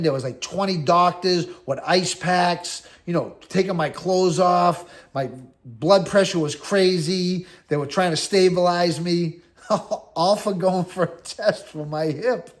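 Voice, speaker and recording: A middle-aged man with a somewhat high voice tells a story from his own life in a casual, animated way. He acts out what he and others said, dropping in salty slang as he goes.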